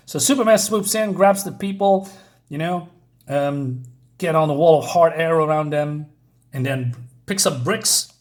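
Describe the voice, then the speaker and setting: A man casually recapping a comic book in a loose, chatty way. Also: fairly high pitch. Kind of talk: casual recap and read-aloud.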